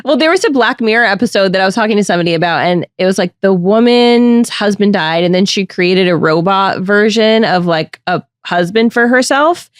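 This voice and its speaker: A woman's voice: mid-range voice, animated, brisk, hardly any pauses, no echo, studio quality. A woman hosting a podcast, talking frankly and thinking aloud in a candid chat. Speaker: podcast host.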